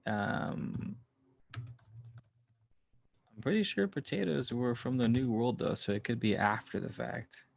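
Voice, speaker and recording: A man's voice: medium pitch, big pitch swings, unhurried, creaky, pauses often, slight background noise. A man hosting a casual livestream, answering his chat in a rambling way, laughing often and swearing freely. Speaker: livestream host reading chat. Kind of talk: casual live chat with viewers.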